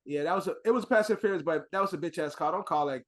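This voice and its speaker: A man co-hosting a sports podcast, joking and cursing in loose banter. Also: a little high. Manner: joking, profane, quick agreement. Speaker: podcast co-host.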